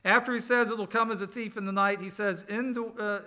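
A man preaching in a church with a high, bright voice. He talks in a folksy, conversational way and slows down for emphasis. He asks the back rows questions. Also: fairly even intonation. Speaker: pastor. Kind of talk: expository sermon.

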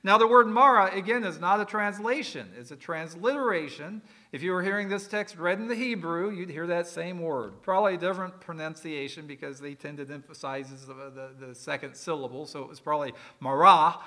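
A man's voice: fairly high pitch, a little fast, few pauses, bright, forceful tone. A man preaching a sermon, explaining words in a conversational way with folksy asides. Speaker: pastor.

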